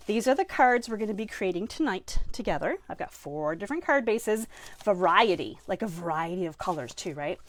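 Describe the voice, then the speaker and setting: A woman's voice: mid-range voice, expressive, a little fast. A woman with a Maine accent teaching a live online card-making class from her home craft room, chatty and enthusiastic, greeting viewers by name.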